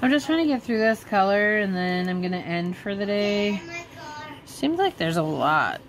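A woman's voice: medium pitch, sing-song, moderate pace, background noise. A woman hosting a casual crafting vlog, talking in a laid-back, giggly way. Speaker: vlog host. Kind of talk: casual chat while crafting.

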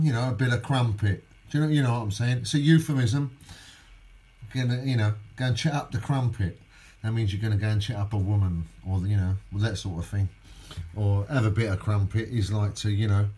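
Brief: bloke, casual home food vlog, cheeky and rambling, mid pitch, faint room hum. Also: male voice, darkish tone. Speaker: vlogger.

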